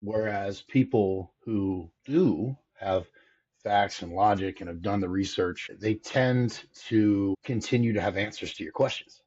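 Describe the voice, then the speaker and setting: A man's voice: lowish voice, measured pace, darkish tone, husky, lo-fi sound. A man who teaches hitting, talking in a casual interview with an emphatic, explaining manner. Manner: emphatic, explains with repeated phrasing. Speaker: hitting instructor, podcast guest.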